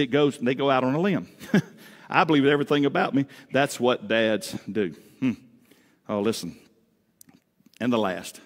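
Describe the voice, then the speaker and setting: A male pastor preaching a Father's Day sermon, telling homey stories with humor and swinging between loud emphatic rises and quiet drops. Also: mid-range voice. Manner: folksy storytelling with humor. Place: church sanctuary. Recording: echoey church hall.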